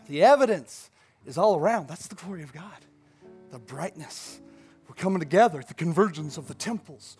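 A man's voice: fairly high pitch, a little fast, a little mellow, husky, faint music behind. A male pastor preaching a sermon in a church, emphatic and building to fervent declarations. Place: church sanctuary.

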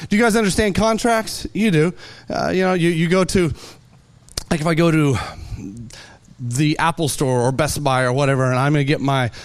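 A man preaching a sermon, animated and playful, telling everyday stories with lively asides. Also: fairly high pitch, normal speed. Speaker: pastor.

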